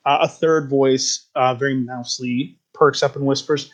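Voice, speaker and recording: A man's voice: medium pitch, little pitch movement, normal speed. Hesitant man narrating a tabletop game. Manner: hesitant, filler-heavy. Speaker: game master.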